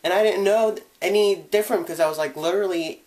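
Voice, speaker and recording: A young man telling his own coming-out story in a vlog, candid and casual, acting out the people he quotes with sudden jumps in pitch and volume. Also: fast talker, a little mellow, a little hiss or hum. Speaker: vlogger.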